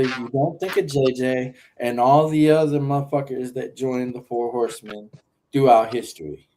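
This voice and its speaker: A man's voice: medium pitch, darkish tone, a little hiss or hum, low-quality recording. A man co-hosting a casual wrestling talk show, arguing his point with lists of names and some swearing. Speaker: podcast co-host.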